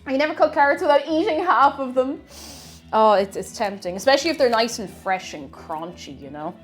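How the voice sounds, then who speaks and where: A woman's voice: on the high side, lively intonation, brisk, soft background music. A woman chatting casually to viewers while cooking on a livestream, greeting them and laughing at herself. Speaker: streamer.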